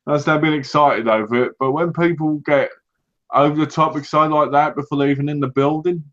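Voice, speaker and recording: A British man co-hosting a casual podcast, telling lively anecdotes and acting out what other people said. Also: fairly high pitch, fast. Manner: animated anecdotes, acts out other people's lines. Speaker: podcast co-host. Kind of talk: casual chat, storytelling. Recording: dull lo-fi recording.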